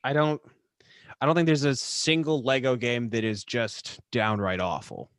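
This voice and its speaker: A man's voice: mid-range voice, measured pace, no room sound, clean studio sound. A man chatting playfully as a podcast guest, sometimes hesitant and searching for words. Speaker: podcast guest, writer and storyteller. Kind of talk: casual podcast chat.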